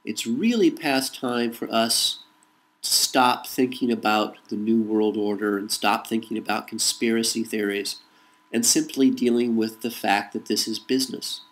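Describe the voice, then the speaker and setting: A man's voice: fairly low pitch, fairly even intonation, a little slow, poor audio. A man from the United States delivering a rhetorical political monologue, repeating a refrain between points. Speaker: political commentator. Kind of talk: monologue to camera.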